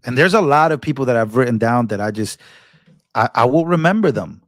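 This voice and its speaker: A man's voice: medium pitch, expressive, fairly quick, no room sound, studio quality. A man hosting a political commentary vlog, talking in an impassioned, casual way, restarting and repeating words and breaking into sermon-like rebukes. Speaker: political commentator and channel host.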